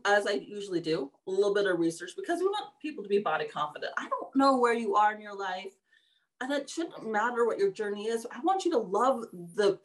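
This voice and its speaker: A middle-aged woman co-hosting a podcast, speaking earnestly and encouragingly in casual chat. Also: medium pitch. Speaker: podcast co-host.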